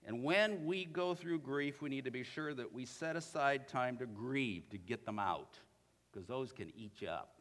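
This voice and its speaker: Man preaching in a church, bright voice, lively pitch, long echo all around. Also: moderate pace. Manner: earnest, reads scripture aloud with feeling. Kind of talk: sermon.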